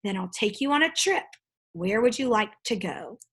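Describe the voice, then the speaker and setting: A woman reading aloud, voicing a grateful, gentle male dragon who is a little anxious, speaking politely. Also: medium pitch, big pitch swings, moderate pace, husky, exaggerated voice.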